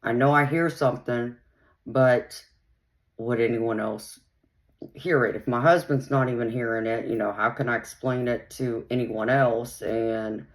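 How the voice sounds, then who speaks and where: A woman's voice: a bass voice, steady tone, measured pace. A woman hosting her own channel, casually telling a personal story in a rambling way, filled with "um" and "you know". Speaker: channel host.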